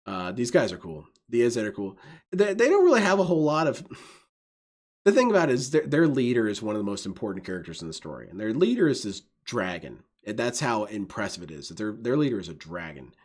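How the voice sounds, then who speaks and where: Lively, rambling gaming commentator man. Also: on the low side, quick pace. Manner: enthusiastic, rambling, laughs often. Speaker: gaming video host. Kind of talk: rambling let's-play commentary.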